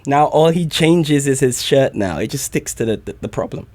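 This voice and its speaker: Man, lively swinging pitch, hyped stream reaction, excitable. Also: moderate pace. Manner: hyped and excitable, shouting praise. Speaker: streamer reviewing community music. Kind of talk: casual live-stream reaction.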